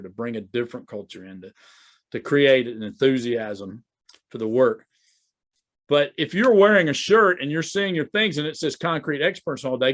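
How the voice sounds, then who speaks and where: A man talking as a business coach in a casual, conversational way, often repeating and restarting his words. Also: mid-range voice. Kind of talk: casual talk to camera. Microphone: video recording to camera.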